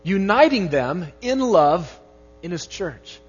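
A man's voice: high voice, very animated, slow, husky, big-room sound, dull audio. A man preaching a sermon as pastor, opening with a prayer and pressing key phrases with rising emphasis.

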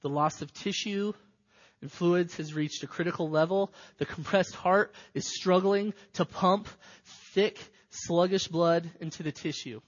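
A man preaching a sermon with dramatic delivery, moving between loud cries and hushed, near-whispered passages. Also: high-pitched, unhurried. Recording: dull sound in a reverberant hall.

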